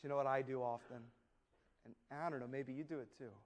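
A man preaching a sermon, dramatic and storytelling, swinging between loud declaiming and soft asides with folksy humor. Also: medium pitch, fairly even intonation, a little fast.

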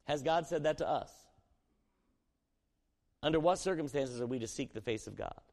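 Pastor preaching in a reverberant hall. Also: male voice, a little high, moderate pace. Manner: questions the room, swings between quiet reading and loud emphasis. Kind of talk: sermon with scripture reading.

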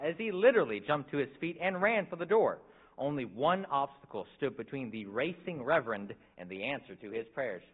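Husky narrator, tinny sound. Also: male voice, medium pitch. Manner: vivid storyteller, playful timing. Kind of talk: scripted dramatic narration. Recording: tinny lo-fi recording.

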